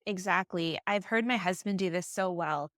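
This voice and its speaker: A woman's voice: fairly low pitch, normal speed, fairly bright tone, no room sound, clean studio sound. A woman co-hosting a parenting podcast, chatting in an agreeable way and sharing examples from her own family life. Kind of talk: casual podcast conversation.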